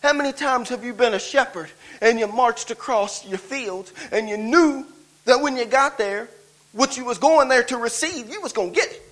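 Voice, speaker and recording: A man's voice: very high voice, moderate pace, fairly bright tone, low-quality recording. A man preaching as a guest in a church, driving his points with repeated rhetorical questions and calls of "come on". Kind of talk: sermon.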